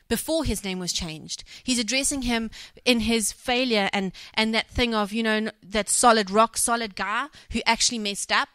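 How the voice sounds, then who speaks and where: A woman's voice: a little high, sharp tone, no room sound. A woman preaching a sermon, reading a scripture passage and then retelling it in her own words with acted quotes, correcting herself as she goes. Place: church.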